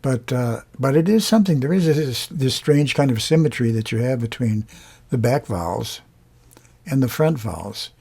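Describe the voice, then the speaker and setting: A man teaching a lesson on vowels, explaining slowly and demonstrating each sound aloud. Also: mid-range voice, lively intonation, creaky, dark tone, breathy edge. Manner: unhurried, pausing often, demonstrating sounds. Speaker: singing teacher.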